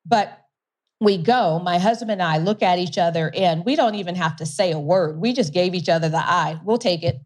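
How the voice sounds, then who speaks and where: A woman being interviewed as a guest, telling a story in an animated way, laughing often and repeating words for emphasis. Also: lowish voice, normal speed. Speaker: guest, company CEO.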